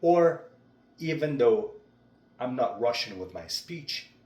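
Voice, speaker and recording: A young man talking through his speaking practice in a vlog, with a deliberate, measured delivery. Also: mid-range voice, very animated, darkish tone. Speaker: vlogger. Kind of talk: reflective speech-practice vlog. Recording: roomy echo.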